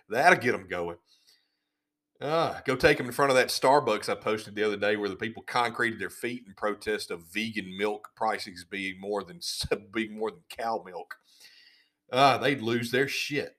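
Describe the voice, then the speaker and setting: A podcast host delivers a sarcastic, indignant rant in casual commentary style, pitch rising and falling sharply, tripping over repeated words as he keeps pressing his argument. He's expressive, with a moderate pace and a fairly bright tone.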